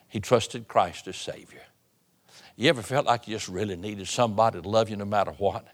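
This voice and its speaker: A pastor preaches a sermon from the pulpit of a church sanctuary, his voice at an ordinary middle pitch and fairly quick. He presses hard on loud, emphatic appeals, then falls to a near hush for tender lines.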